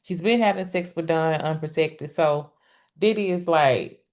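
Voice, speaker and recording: A woman with a low, slightly mellow voice hosts a casual live stream commenting on a court case. She's chatty and exclamatory, talks directly to her viewers, and often pauses on "um" before starting over.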